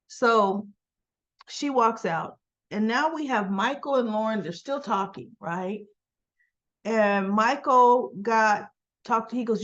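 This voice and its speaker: A woman's voice: on the high side, expressive, unhurried. A woman host casually recapping a soap opera episode, retelling the scenes in quoted dialogue and adding sarcastic asides. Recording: dull lo-fi recording.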